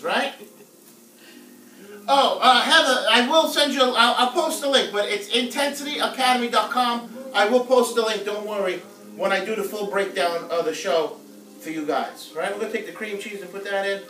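A man cooks in his home kitchen on a livestream, keeping the chat light and joking with his viewers. He has a high, pushed, bright voice and speaks at a moderate pace. The sound is echoey from a distant mic, with faint music behind him.

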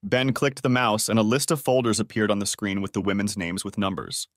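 A man narrating a dramatic story audiobook in a steady, low storytelling manner. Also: brisk, dry recording, studio quality.

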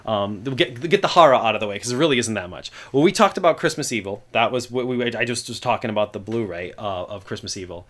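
A young man hosting a casual film podcast, rambling and animated, breaking into loud acted-out quotes. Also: medium pitch, quick pace, hardly any pauses. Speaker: podcast host. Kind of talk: casual chat about films.

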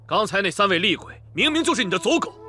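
An actor playing a self-righteous martial alliance leader, making a rousing, accusatory speech in a period martial-arts drama. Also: male voice, high-pitched, very animated, fast talker, sharp tone, heavily acted. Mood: accusing. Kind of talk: period wuxia drama dialogue. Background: drama score music.

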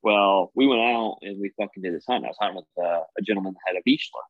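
A male podcast host telling hunting stories in a profane, animated way, swearing freely. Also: sits low, fast, no echo. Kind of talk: casual podcast chat. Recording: dry, slightly dull podcast mic.

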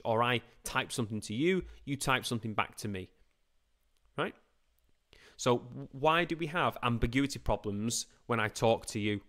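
A man teaching a live-streamed computer science revision lesson, chatty and informal, often asking and answering his own questions. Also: mid-range voice. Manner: lively, playful put-on voices and quick asides.

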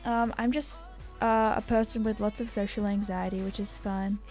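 A woman's voice: mid-range voice, fairly even intonation, normal speed, a little mellow, soft background music. A young Australian woman chatting casually as a gaming YouTuber, rambling and self-deprecating as she answers viewer comments.

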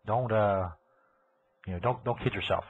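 A man with a lowish, slightly rough voice at normal speed hosts a live podcast. He launches into a crude, sarcastic, profanity-laced rant, captured in tinny audio resembling a phone line.

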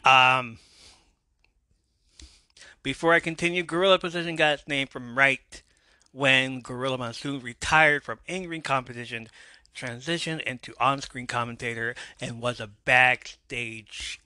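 Man, podcast host, crisp bright tone, dead-dry room, chatty scene recap. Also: medium pitch, measured pace, dry recording. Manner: reads scene aloud, imitating characters with a drawl, laughing asides. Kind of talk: casual recap narration.

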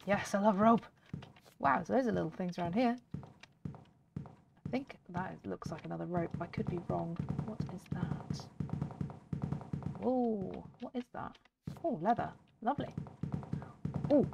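Girl chatting thru her gameplay, bit of fry in her voice, faint hiss and clicks behind. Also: medium pitch. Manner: chatty, talks to viewers, laughs often. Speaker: gaming video host. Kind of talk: casual game commentary. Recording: faint background noise and clicks.

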